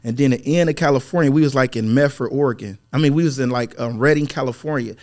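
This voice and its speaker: A man, a door-to-door sales manager and podcast guest, telling a story in casual interview chat, animated and acting out the dialogue with frequent "you know what I mean?". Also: mid-range voice, fast talker.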